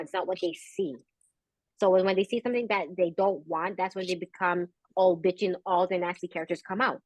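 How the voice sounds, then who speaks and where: A woman's voice: lowish voice, fairly even intonation, normal speed, no echo. A woman co-hosting a casual podcast chat, telling a story bluntly and swearing freely. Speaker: podcast co-host.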